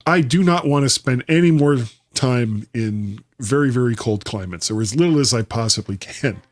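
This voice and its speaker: Lively-voiced American man chatting on a podcast. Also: mid-range voice, normal speed. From Florida, USA. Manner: animated, rambling storyteller. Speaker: podcast host. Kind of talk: casual podcast chat.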